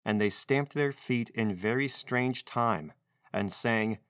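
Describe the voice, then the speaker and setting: A man narrating a classic children's story in a measured, expressive reading voice. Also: fairly low pitch, clear, resonant tone, dry recording, studio quality.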